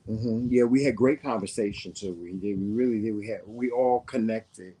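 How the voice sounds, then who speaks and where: A man's voice: on the low side, moderate pace, a loud crowd, poor audio. A man from the American South with a faded Southern accent, chatting casually as co-host and full of fillers and restarts. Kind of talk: casual chat.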